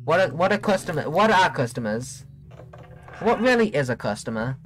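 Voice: medium pitch, very animated, normal speed, faint music behind. A streamer chatting casually during gameplay, playful and giggly, teasing chat.

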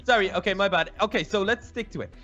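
A man playing a Minecraft role-play, talking fast and goofing while planning aloud. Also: high-pitched, fairly bright tone, highs cut off, soft background music. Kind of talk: joking in-character chat.

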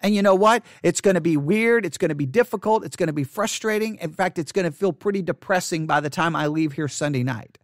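A male pastor teaching catechesis in sermon style, emphatic and repetitive, hushing his voice for quoted thoughts. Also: high-pitched, fairly quick, hardly any pauses, no echo, clean studio sound.

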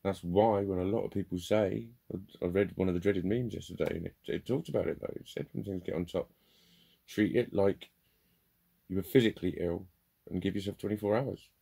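Gravelly low-voiced man, rambling and sweary. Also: brisk, dark tone. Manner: rambling, sweary, self-deprecating. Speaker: vlogger. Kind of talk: candid monologue.

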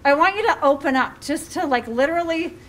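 A woman's voice: high-pitched, animated, fairly quick, fairly bright tone. A middle-aged woman life coach giving a chatty talk on handling emotions, with many fillers and restarts and some laughter.

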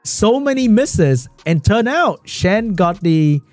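A man calls an esports match live on his stream, and his voice swings up and down as he gets excited. He laughs a lot and answers his chat between plays. The sound is dry and close, with faint music in the background. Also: sits high, takes it slowly, no echo. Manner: excitable, laughs often, chats with viewers. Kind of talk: live game commentary while reading chat.

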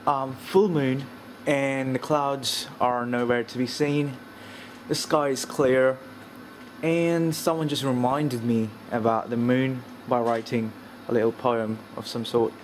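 A man vlogging casually outdoors at night while cold and shivering, talking to viewers with fillers and now and then dropping to quiet murmured asides, recorded on a camcorder's built-in mic. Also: mid-range voice, fairly even intonation, slow, a little hiss or hum. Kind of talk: casual vlog narration.

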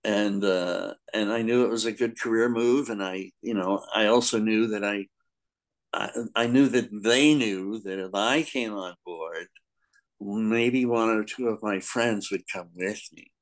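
A man in his sixties, a guest in an interview, telling stories in a casual, animated way, laughing often and acting out other people's lines. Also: fairly low pitch, a little slow, low-quality recording. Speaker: guest, comics editor.

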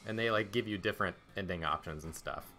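A man's voice: low voice, fast talker, bright, forceful tone, soft background music. A man co-hosting a game stream in casual, joking banter. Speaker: host.

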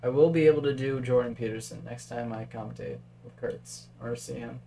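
This chess streamer thinks out loud over candidate moves and reads off chat messages in a chatty, relaxed commentary. His voice is mid-pitched, gravelly yet mellow, fairly even in intonation and brisk, with a faint underlying hum.

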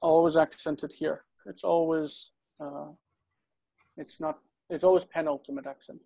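A man with a mellow, gravelly voice teaches an online class. He explains patiently and walks through examples step by step. His voice sounds muffled and close, like dull video call audio with no room around it. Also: on the high side, fairly even intonation, unhurried, no room sound. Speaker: Hebrew teacher.

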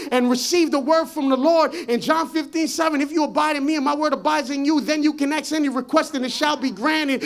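A man preaching in a strikingly high voice, speaking into a handheld mic in a church. He stumbles over repeated words, then builds into fervent shouting. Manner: impassioned preaching, rising to shouts; repeats words and restarts sentences. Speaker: pastor. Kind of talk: sermon. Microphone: handheld microphone.

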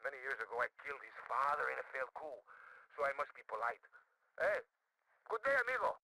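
A proud, courteous colonel frets over family honor in a crime game. His bright voice swings up and down as he pleads politely. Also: mid-range voice, sing-song, fast, vocal fry, no room sound, exaggerated voice, rough recording. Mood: fretful.

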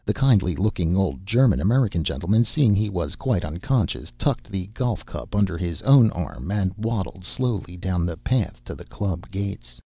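Man narrating an audiobook, gravelly, dull lo-fi sound. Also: low voice, dry recording. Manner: steady, measured storytelling.

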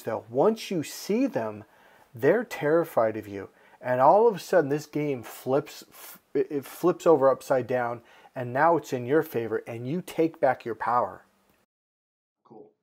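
A man hosting a self-help video, talking casually to the camera and acting out quotes in a raised voice. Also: mid-range voice. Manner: animated, acts out quotes in a raised voice. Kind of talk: casual direct-to-camera talk.

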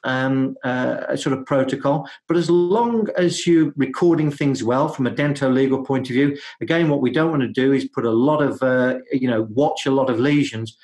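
A man, a dentist, talking through his ideas in a podcast interview, with many fillers, restarts and hesitant pauses. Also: mid-range voice, a little mellow. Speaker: guest dentist.

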